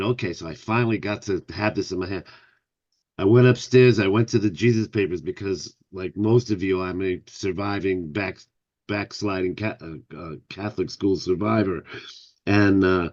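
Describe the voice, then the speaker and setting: A man's voice: sits low, moderate pace, a little mellow, muffled recording. A man in his sixties introducing himself to an online class with a rambling personal story, often restarting his sentences. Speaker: class participant.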